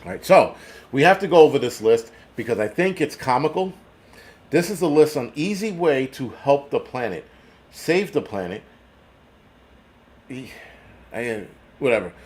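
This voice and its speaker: A man's voice: medium pitch, big pitch swings, normal speed, a little mellow. A man with a New York accent, hosting a prepper channel, who reads a list aloud and rants over it with angry, profane sarcasm.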